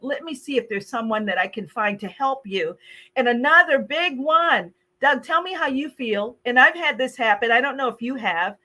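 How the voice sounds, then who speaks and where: A woman hosting a podcast and training on customer service, talking in a lively, animated way, laughing often and acting out the phrases she quotes. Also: a little high. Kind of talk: casual podcast conversation.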